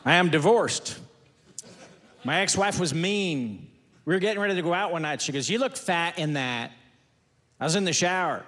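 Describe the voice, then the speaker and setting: A man works a stand-up set in a high, bright-pitched voice, rattling off folksy one-liners. His voice rings out in a long hall reverb. Faint noise sits under the recording. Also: animated, brisk. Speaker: stand-up comedian. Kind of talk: stand-up routine. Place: stage before a laughing audience.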